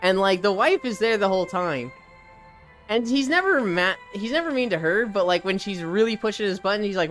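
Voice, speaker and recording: A live streamer chatting casually while walking on a treadmill, reading chat aloud and telling stories with lively animation. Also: mid-range voice, normal speed, soft background music. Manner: reads chat aloud and riffs, animated storytelling.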